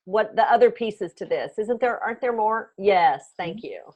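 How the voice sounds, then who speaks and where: A woman in a coaching class chats candidly and shares her own tips with the group. Her voice sits at an ordinary middle pitch. She sounds casual and relaxed. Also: normal speed. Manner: chatty, sharing tips candidly. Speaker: class participant.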